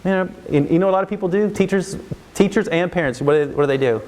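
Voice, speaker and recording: Speaking very fast in a voice that sits high, an American counselor for parents and teachers gives an animated, casual talk. He illustrates his points by acting out what children and grown-ups say.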